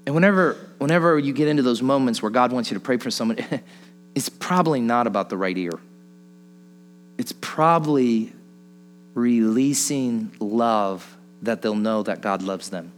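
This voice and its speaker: A man's voice: medium pitch, moderate pace, slight background noise. A man preaching a sermon in a casual storytelling way, chuckling through anecdotes and posing rhetorical questions. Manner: chatty, laughs while telling stories, rhetorical questions.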